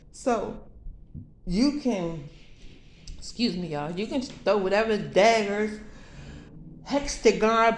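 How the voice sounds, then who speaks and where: A woman talks straight to her viewers, telling a story with emphatic, profane energy. Her voice sits at an ordinary middle pitch. It rings around an echoey room. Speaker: vlogger telling a spiritual vision.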